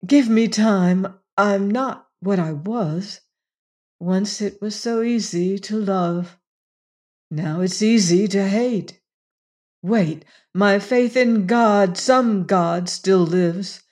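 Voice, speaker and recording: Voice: medium pitch, slow pace, darkish tone, natural voice. A reader voicing a torn, anguished woman in an audiobook, pleading in a breathless, raised voice. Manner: pleading, breathless, often whispered. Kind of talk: audiobook reading.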